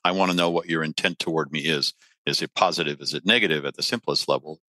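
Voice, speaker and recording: Deep-voiced man with a bright edge. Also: fairly even intonation, no room sound. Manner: measured, gives practical advice. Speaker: guest expert on communication. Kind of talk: explanatory interview talk.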